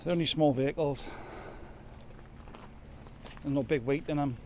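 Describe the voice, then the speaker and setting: A man's voice: fairly high pitch, normal speed, dark tone. Man, trucker vlog, rambling, self-mocking, outdoors, light background noise. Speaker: truck driver vlogger. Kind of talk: casual chat while working. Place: outdoors at a loading yard in rain.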